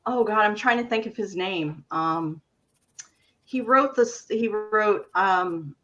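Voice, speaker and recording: Brief: woman in her fifties, bright tone on a slightly dull recording, co-host with lively anecdotes. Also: mid-range voice, takes it slowly. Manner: searching for words, lively anecdotes. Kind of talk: casual chat.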